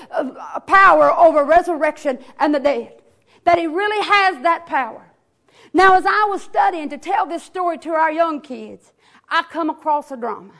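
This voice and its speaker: High-voiced woman preaching fervently. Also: fairly bright tone. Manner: fervent, repetitive invocations, rising to hollering in retold scenes. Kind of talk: sermon with prayer and storytelling. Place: church.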